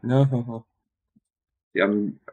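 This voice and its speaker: A man's voice: medium pitch, drawn-out words, a little mellow. A man thinking aloud during a study stream, muttering and correcting himself as he works through a quiz, tired and yawning.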